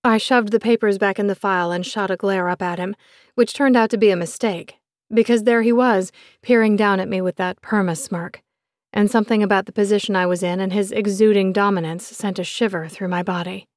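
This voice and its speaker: A woman narrating a first-person romance novel in a measured, expressive reading voice on a close studio mic. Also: medium pitch, no echo. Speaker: audiobook narrator.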